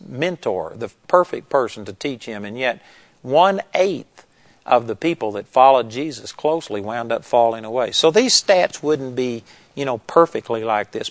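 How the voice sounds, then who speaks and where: A man's voice: mid-range voice, no room sound. A man preaching a sermon on discipleship, earnest and emphatic, building to exclamations.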